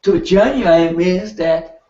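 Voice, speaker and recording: A man's voice: sits high, slow. Older man lecturing in an echoey hall. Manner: animated, laughing, keeps asking the class "right?". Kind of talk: classroom lecture. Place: lecture room. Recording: echoey, distant, dull room recording.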